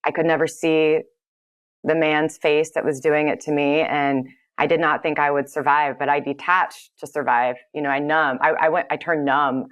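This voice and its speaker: Woman, low voice, smooth and clear, earnest, halting, interview guest. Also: flat delivery. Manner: earnest, halting, with many fillers and restarts. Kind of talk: personal storytelling in an interview.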